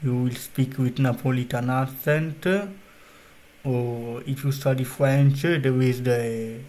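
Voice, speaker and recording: Slow-talking Italian-accented man. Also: mid-range voice, darkish tone. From Italy. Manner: rambling, unpolished non-native phrasing. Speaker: streamer. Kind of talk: casual chat on stream.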